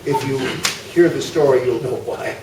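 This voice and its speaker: An older man giving an informal, anecdotal history talk to a club audience, pausing often with fillers and asides. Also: mid-range voice, dark tone. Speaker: guest speaker. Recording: echoey hall, mic far off, faint noise.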